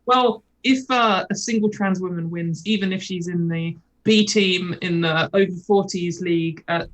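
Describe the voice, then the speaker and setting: A woman's voice: fairly low pitch, normal speed, rough recording. A British woman, a guest on a video call, chatting casually in a rambling, wry way full of fillers. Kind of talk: casual chat.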